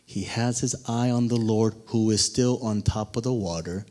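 With a darkish, lowish voice and a moderate pace, a man delivers a sermon in a dramatic style. He performs the quoted lines and asks his congregation questions.

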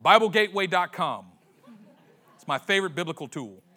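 A man preaching a sermon, retelling a story with slangy acted-out voices and dramatic pauses. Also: high voice, expressive, pushed and bright. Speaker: pastor.

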